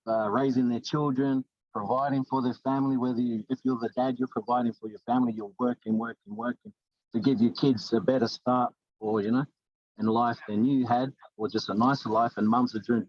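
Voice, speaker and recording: A man's voice: mid-range voice, dry recording, lo-fi sound. A middle-aged man from New Zealand with a New Zealand accent, a life coach talking earnestly in a casual interview, often restarting his sentences. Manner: earnest, rambling with many restarts.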